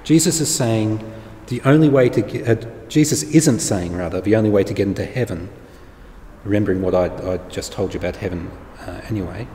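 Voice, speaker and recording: A man's voice: lowish voice, brisk, mellow. Male preacher, plain-spoken sermon, roomy echoing space. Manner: plain-spoken, informal and explanatory. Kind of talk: conversational sermon to an online congregation. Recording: echoey hall with faint background noise.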